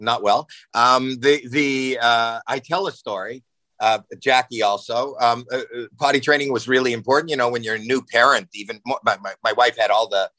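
A man in his sixties, a podcast guest telling a long, animated anecdote and acting out panic in it. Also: mid-range voice, moderate pace, dry recording, rough recording. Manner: excitable, acts out panic and shouting in anecdotes. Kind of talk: animated storytelling.

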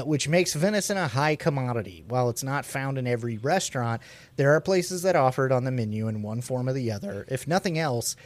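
A man co-hosting a podcast in casual chat, joking and laughing often while reading articles aloud. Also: medium pitch. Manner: jokey, laughs often, playful asides. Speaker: podcast co-host.

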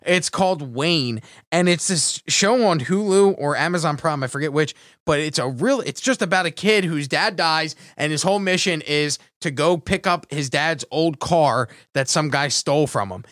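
A man's voice: a little high, normal speed, few pauses, fairly bright tone, no echo, clean studio sound. A man hosting a podcast, telling stories in a laid-back, casual way and swearing freely. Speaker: podcast host.

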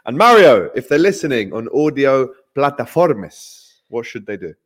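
A young man co-hosting a podcast, chatting casually and upbeat about football with quick, bantering asides. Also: medium pitch, very animated. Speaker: podcast co-host.

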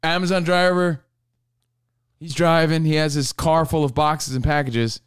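A man's voice: a little high, unhurried, clean tone, no echo, studio quality. A man from New Jersey co-hosting a podcast, telling stories in a loose, profane, casual way. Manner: animated, profane storytelling. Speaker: podcast co-host. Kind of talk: casual chat.

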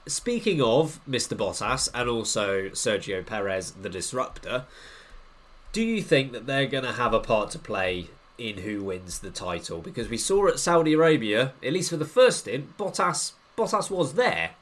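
A man's voice: mid-range voice, sing-song, normal speed, a bit bright. A man hosting a podcast, putting questions to his co-hosts in a wry, teasing way. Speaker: podcast host. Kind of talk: casual podcast chat.

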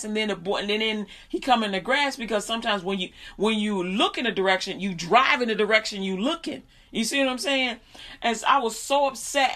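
A woman telling a story in a casual, conversational way, with fillers and restarts, who becomes animated as she retells it. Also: a little high. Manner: animated, laughs and shouts while retelling. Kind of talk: casual storytelling with faith talk.

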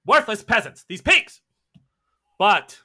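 A man voicing a short, pompous male tyrant who booms and boasts grandly. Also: animated, fairly quick, bright, forceful tone, exaggerated voice. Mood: boastful. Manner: booming, boastful, theatrical.

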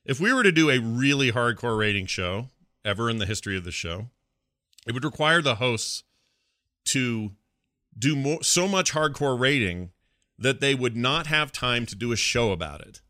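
A man's voice: medium pitch, expressive, normal speed, pushed and bright, no room sound, clean studio sound. A middle-aged man hosting a podcast, chatting casually and ranting with playful exasperation. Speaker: podcast host. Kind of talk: casual chat.

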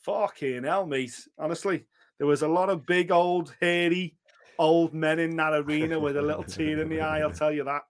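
Animated, higher-voiced man in casual sports chat. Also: fairly quick. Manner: animated, acts out other people's quotes with swearing. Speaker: podcast co-host.

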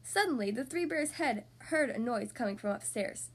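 A woman hosting a podcast, reading a storybook aloud to young children in an expressive, animated way. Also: fairly high pitch, moderate pace.

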